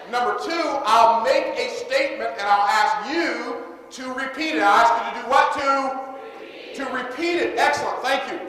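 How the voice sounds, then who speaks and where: A man's voice: high voice, fairly bright tone. A man giving a motivational seminar talk, energetically getting the audience to call back and repeat his lines. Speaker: seminar speaker. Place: large conference hall. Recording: echoey hall, faint room noise.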